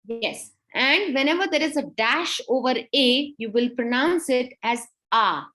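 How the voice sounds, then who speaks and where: A woman teacher with an Indian English accent, leading children through a scripture recitation on a video call, saying verses slowly for them to repeat. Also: high-pitched, a bit bright.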